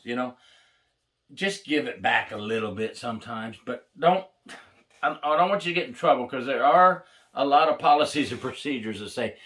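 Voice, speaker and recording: An older American man, a retired corrections officer, tells blunt, wry stories about prison life to the camera in a casual, plainspoken way. His mid-range voice is expressive and a bit bright, at a normal speed.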